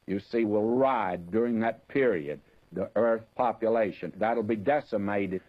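Man, sermon, folksy, talks straight to listeners, middle pitch, muffled lo-fi sound. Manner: folksy, direct address to listeners, slows to stress scripture. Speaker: preacher. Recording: dull lo-fi tape recording.

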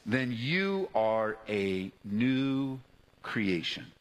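A man's voice: mid-range voice, very animated, drawn-out words. A man preaching a sermon as a pastor, emphatic and climbing to fervent peaks, calling out questions to his congregation in a church. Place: church sanctuary. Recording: long reverb of a large hall.

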